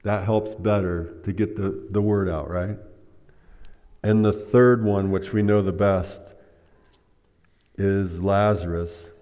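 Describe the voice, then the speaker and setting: A man's voice: deep voice, fairly even intonation, slow pace, pauses often, dark tone. A man preaching a sermon, teaching by asking the congregation questions. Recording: long hall reverb.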